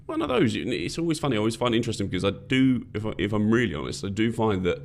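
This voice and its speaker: A man's voice: lowish voice, very animated, rapid-fire, creaky, darkish tone. A man co-hosting a podcast, telling a rambling story in casual chat with many restarts. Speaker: podcast co-host.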